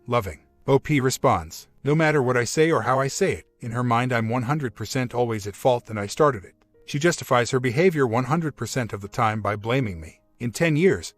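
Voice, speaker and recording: A man reading a relationship story aloud as scripted narration, in an even, measured way. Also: medium pitch, dry recording, soft background music. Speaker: story reader.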